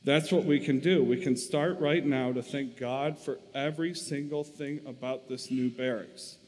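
A man reading as a gentle prayerful sister. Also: medium pitch, steady tone, moderate pace, lightly acted. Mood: earnest. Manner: reading quoted lines aloud, earnest. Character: faithful gentle older sister, calm and prayerful. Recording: long reverb.

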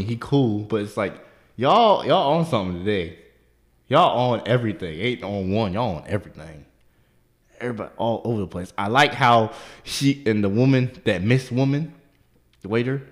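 A man co-hosting a podcast, telling a profane, animated story and leaping into high squeaky voices when he quotes people. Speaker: podcast co-host. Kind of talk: casual storytelling chat.

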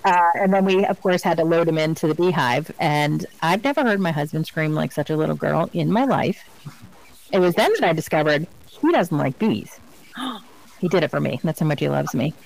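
A woman co-hosting a podcast, chatting casually and telling animated, funny stories. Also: sits low, normal speed, vocal fry, poor audio. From Virginia, US. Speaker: podcast co-host. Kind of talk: casual chat.

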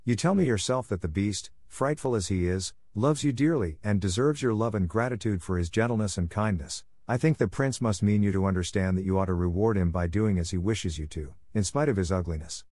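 A thoughtful older father who weighs his words before advising, read by a man. The voice is lowish and measured, recorded dry and close. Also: darkish tone, no room sound, natural voice. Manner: measured and considered.

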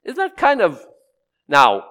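A middle-aged man preaching a sermon, teaching through a Bible passage in a conversational way with sudden loud rises. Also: high voice, huge pitch swings, slow pace. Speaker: pastor.

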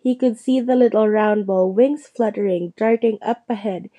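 Mellow-voiced woman reading a story aloud. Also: moderate pace, highs cut off. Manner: lively, shifts pitch for quoted characters. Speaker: audiobook reader. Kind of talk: storybook narration with character voices.

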